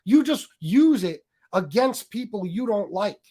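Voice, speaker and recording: A man's voice: high-pitched, big pitch swings, measured pace, warm tone. A man hosting a livestream, ranting combatively and swearing heavily as he taunts his critics. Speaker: livestream host. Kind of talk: profane livestream rant.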